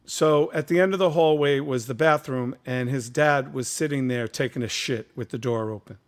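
A man's voice: mid-range voice, normal speed. A man, a guest on a conversational show, telling a story casually and with animation. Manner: animated, laughing, lively storyteller.

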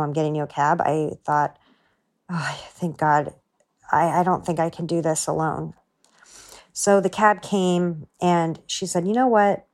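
A woman's voice: fairly low pitch, a little mellow. A woman telling an earnest, heartfelt personal story for a podcast, voicing her own inner thoughts as she goes. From United States. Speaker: guest storyteller.

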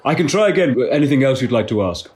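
A man's voice: mid-range voice, sing-song, fast, a little mellow, close to an everyday voice. A man playing a pompous, know-it-all tour guide. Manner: pompous, mock-learned. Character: pompous, self-satisfied male tour guide. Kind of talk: comedy audio sketch.

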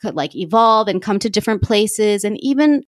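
A woman's voice: mid-range voice, lively intonation, moderate pace, dry recording, studio quality. A woman life coach in her thirties, talking openly and confessionally on her solo podcast and repeating herself for emphasis. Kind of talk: candid solo podcast talk.

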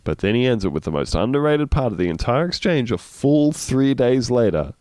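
A man's voice: mid-range voice, big pitch swings, a little fast, darkish tone, no echo. A man hosting a comedic news podcast, reading articles aloud with wry, laughing asides. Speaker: podcast host.

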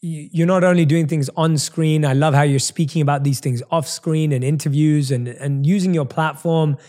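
A man's voice: on the high side, steady tone, moderate pace, a little mellow. A man from London with a London English accent, hosting an interview, effusive and repeating himself as he praises. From London, England. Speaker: interviewer host. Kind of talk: interview conversation.

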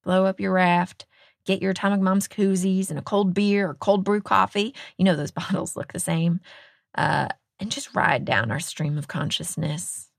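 A woman's voice: lowish voice, normal speed, vocal fry, no echo, clean studio sound. A middle-aged woman from Texas hosting a podcast, chatting in a casual, self-deprecating way and laughing often. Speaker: podcast host.

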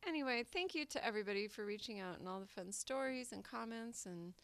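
A woman's voice: mid-range voice, animated, quick pace, a bit bright, no echo. A woman co-hosting a podcast in casual, upbeat chat. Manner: chatty and upbeat. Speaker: podcast co-host.

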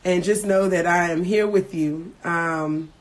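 A woman in her thirties, emotional and earnest, candidly telling a personal story to her viewers with many pauses and restarts. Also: lowish voice, fairly even intonation. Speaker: livestream host sharing a personal story.

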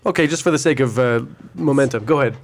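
A man playing in a tabletop role-play chat, cutting in with quick, joking remarks. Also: mid-range voice. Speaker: player.

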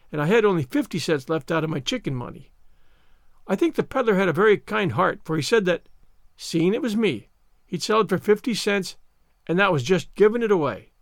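A man's voice: high voice, no room sound, studio quality. A man reading the part of a dramatic, despairing young orphan girl in a storybook, full of theatrical self-pity. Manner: theatrical, self-pitying laments.

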